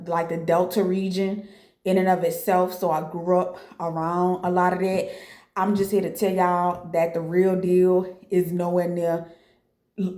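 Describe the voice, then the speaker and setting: A woman's voice: on the low side, a little mellow, echoey room. A woman from New Orleans with a New Orleans accent, talking bluntly and emphatically to camera, repeating her points. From New Orleans, Louisiana. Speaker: boutique owner vlogger. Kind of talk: casual talk to camera.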